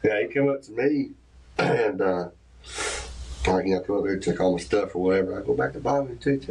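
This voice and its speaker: A man telling hunting stories in a casual chat, animated and laughing as he retells them. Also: on the low side, fairly quick, gravelly. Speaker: podcast host. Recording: distant mic with faint ambience.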